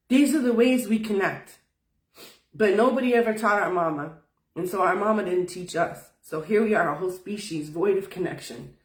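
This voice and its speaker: A woman's voice: medium pitch, recorded from a distance. A woman teaching spiritual wellness in casual talk, folksy and emphatic, swearing freely. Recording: roomy sound from off-mic.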